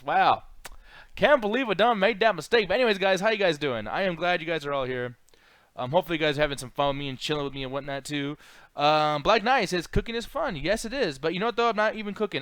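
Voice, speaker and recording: A man's voice: on the high side, expressive, brisk, a bit bright, clear, resonant tone, no room sound. Slangy young man chatting on a stream. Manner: loose, slangy, talks to chat, sing-song greetings. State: throat a bit rough. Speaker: streamer host. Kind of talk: casual live-stream chat.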